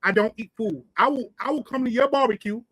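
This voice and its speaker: A man's voice: extremely high pitch, fairly quick, a bit bright, breathy edge, dry recording, low-quality recording. A man, co-hosting a podcast and telling a long, profane, rambling story. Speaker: podcast co-host. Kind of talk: casual storytelling.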